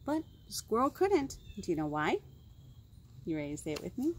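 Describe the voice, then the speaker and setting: A woman librarian reading picture books aloud to young children, animated and full of gasps and questions to her listeners. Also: medium pitch, moderate pace, breathy edge.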